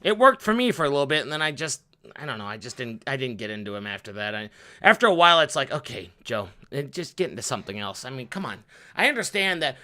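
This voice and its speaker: A man's voice: very animated, quick pace. A man talking off the cuff in a vlog, with an upward inflection, swearing freely and repeating words as he goes. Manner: upward inflection, swings from loud rants to low mutters. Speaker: vlogger. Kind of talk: off-the-cuff monologue.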